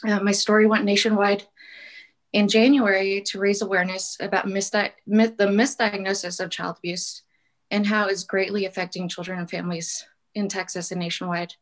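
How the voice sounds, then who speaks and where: A woman's voice: medium pitch, little pitch movement, normal speed, poor audio. A woman giving earnest, pleading public testimony over a call, with frequent ums. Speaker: public commenter. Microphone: call-in audio.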